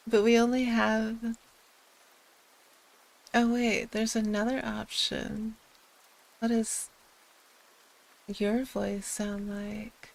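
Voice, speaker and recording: Giggly woman streamer, very slow talker. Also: fairly high pitch, gravelly. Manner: giggly, laughs often. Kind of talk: casual chat.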